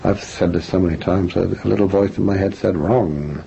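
Older English man, gravelly and low. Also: level tone, quick pace, warm tone. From England. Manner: reflective, self-deprecating, frequent restarts. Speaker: author and guest. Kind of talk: interview answers. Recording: dull lo-fi radio recording with faint noise.

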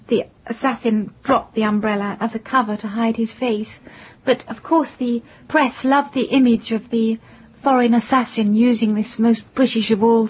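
Husky woman, measured and composed. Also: on the high side, a little mellow. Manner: measured, composed, careful recounting. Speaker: interviewee, widow of the victim. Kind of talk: interview answers. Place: in London. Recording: dull lo-fi broadcast audio.

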